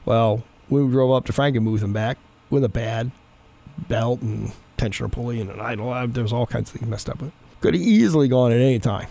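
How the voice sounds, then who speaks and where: A man's voice: medium pitch, brisk, gravelly, warm tone. A middle-aged man, a pastor, giving a folksy, conversational sermon.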